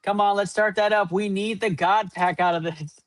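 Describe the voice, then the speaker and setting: A man's voice: sits high, fairly even intonation, normal speed, no room sound. A man hosting a live card-opening stream, rattling off running point totals and hyping up each pull. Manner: running tally of numbers, upbeat hype. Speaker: host.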